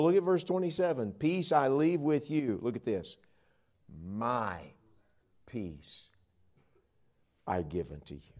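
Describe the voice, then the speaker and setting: Preaching a sermon at medium pitch, a man tells stories and swings between loud, emphatic lines and hushed ones.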